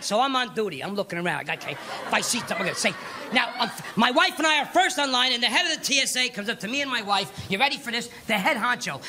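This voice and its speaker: A man doing a stand-up comedy set, telling stories and acting out characters. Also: very high voice. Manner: animated storytelling, acts out characters. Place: comedy club stage. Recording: live club recording with crowd noise. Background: laughing audience.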